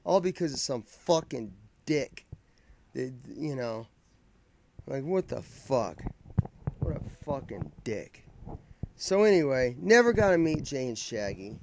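Speaking slowly with long pauses, a man tells a fan story for his vlog in a very animated, creaky, medium-pitched voice. The telling is long and wandering, heavy with swearing and restarted sentences, and there's noise in the background.

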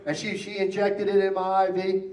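A man preaching, telling a story in an animated way and acting out the lines of each person in it. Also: high voice, normal speed. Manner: animated, acting out quotes, repeats himself. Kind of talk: sermon storytelling. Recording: roomy church sound from a distant mic.

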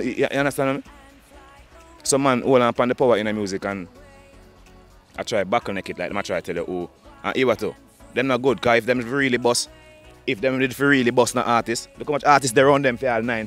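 A man with a Jamaican accent, a dancehall artist talking in an interview, fast and repetitive, often restarting his sentences. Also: mid-range voice. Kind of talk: interview, casual talk.

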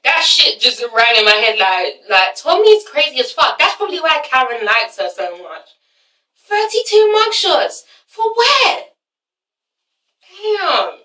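A woman's voice: high voice, measured pace. A woman hosting a casual review vlog, swearing freely and acting out scenes. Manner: swearing, animated, acts out scenes. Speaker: vlog host reviewing a reality show. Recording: roomy, mic at a distance.

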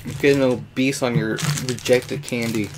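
A man's voice: medium pitch, fairly even intonation, normal speed, very noisy. A man co-hosting a game playthrough, teasing and cracking crude jokes. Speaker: co-host.

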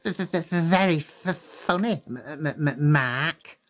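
Stammering, timid boy, squeaky and unsure, read by a male narrator in a storybook. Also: takes it slowly. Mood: flustered. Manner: heavy stutter, hesitant.

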